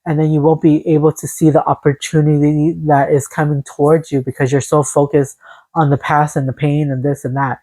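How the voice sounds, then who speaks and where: Woman tarot reader, low dark voice, soothing and encouraging, casual phone recording, dry sound. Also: flat delivery, fairly quick, dry recording, low-quality recording. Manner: soothing, encouraging, talks to viewers as "glowing angels". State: a little out of breath. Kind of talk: casual spoken tarot reading. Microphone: phone camera.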